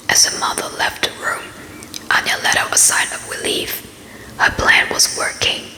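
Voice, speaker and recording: A woman ASMR book reader narrating a story as whispered role-play, in a slow, steady, unvoiced whisper. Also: echoey room, poor audio.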